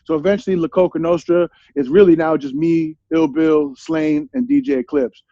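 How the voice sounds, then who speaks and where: Gravelly, dark-voiced man telling stories. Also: on the high side, animated, moderate pace, no echo, highs cut off. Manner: streetwise slang, profane, asks "you feel me?". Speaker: interview guest, rapper. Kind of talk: candid storytelling.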